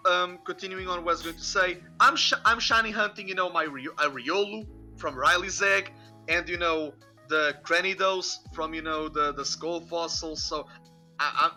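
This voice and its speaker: A man's voice: high-pitched, sharp tone. A man hosting a podcast, rambling casually with lots of "you know". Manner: rambling, many fillers and restarts. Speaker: podcast host. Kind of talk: casual chat. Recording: faint music behind.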